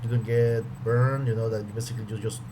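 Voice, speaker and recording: A man's voice: medium pitch, flat delivery, fast talker. Hesitant male reviewer over background noise. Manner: hesitant, repeats words and restarts. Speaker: course reviewer. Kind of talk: casual commentary.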